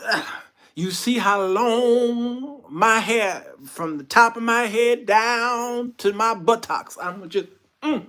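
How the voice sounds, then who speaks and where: A man's voice: very high voice, pushed and bright, voice pushed up, heavily acted. A man hamming up a swaggering strongman. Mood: boastful. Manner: slow, swaggering drawl with drawn-out words. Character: boastful long-haired strongman, drawling and grand.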